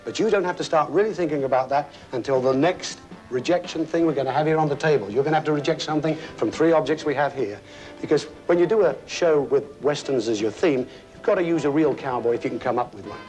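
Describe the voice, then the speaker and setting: A man's voice: on the high side, quick pace, a little mellow, faint music behind, low-quality recording. A man hosting a television game show, chatty and jokey, talking to contestants and a studio audience. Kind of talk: upbeat studio presenting.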